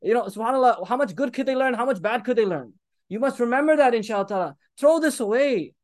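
Young guy preaching a sermon, really high voice, fired up, arabic phrases all through, dry close sound. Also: animated, quick pace, no echo. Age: 30s. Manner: impassioned, mixing in Arabic phrases and urging the listeners.

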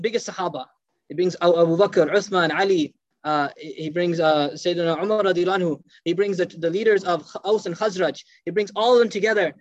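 A man teaching through animated storytelling, acting out the voices of the people in his story. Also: high-pitched, no room sound. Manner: animated storyteller, acts out quoted speech. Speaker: religious teacher. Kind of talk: storytelling lecture. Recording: dull lo-fi dry recording.

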